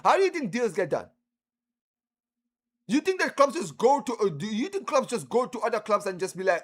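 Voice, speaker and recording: Man, high lively voice, heckling live-stream host. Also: moderate pace. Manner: animated, heckling, trash-talking.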